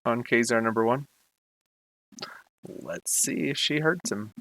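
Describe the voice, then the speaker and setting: Game master guy, slow and umm-y, bright sharp voice, dry close sound. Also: mid-range voice, no echo, rough recording. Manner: hesitant, many fillers. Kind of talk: narrating a tabletop game.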